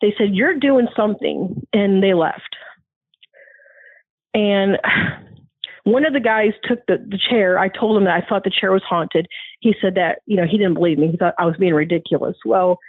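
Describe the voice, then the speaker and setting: A woman's voice: medium pitch, no room sound. A woman earnestly recounting a frightening personal ordeal, often restarting and acting out what others said to her. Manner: earnest, restarts often, acts out quoted voices. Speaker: guest telling her story. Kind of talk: emotional personal testimony. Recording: tinny phone line.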